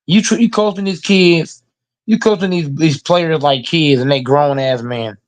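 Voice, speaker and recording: A man's voice: on the high side, measured pace. A man hosting a casual sports reaction show, ranting emphatically and with heavy profanity. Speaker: host reacting to football news.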